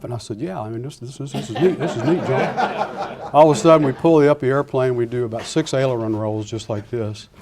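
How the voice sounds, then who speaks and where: An older man, a retired Air Force pilot, giving a lecture full of anecdotes and acting out the dialogue with lively restarts. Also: mid-range voice. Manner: animated storyteller acting out dialogue, frequent restarts.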